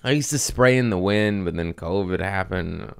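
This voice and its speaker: Podcast host, man, low and smooth voice, loose rambling storyteller. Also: normal speed. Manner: rambling, laid-back, swears. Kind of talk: casual storytelling chat.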